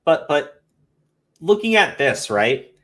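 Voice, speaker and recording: A man ranting in heated commentary chat, swearing often and mocking critics in high whiny voices. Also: sing-song, slow pace, fairly bright tone. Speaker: commentary podcast co-host.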